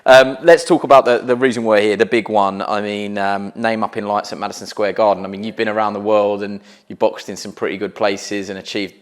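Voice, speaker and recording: A man's voice: on the low side, steady tone, brisk, few pauses, clear, resonant tone. A man interviewing a boxer, asking long questions made of several parts. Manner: asks long multi-part questions. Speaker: sports interviewer. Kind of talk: sports interview.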